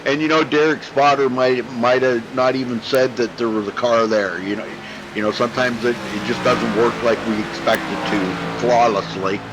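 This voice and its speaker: Male play-by-play caller, folksy and chatty, steady mid pitch, over background noise. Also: moderate pace. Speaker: race commentator. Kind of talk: sim racing broadcast commentary.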